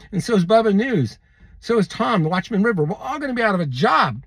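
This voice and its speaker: A man's voice: sits high, husky, no echo. A man hosting a prophecy video, preaching to camera with exuberance, calling out to viewers and laughing often. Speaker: end-times prophecy video host.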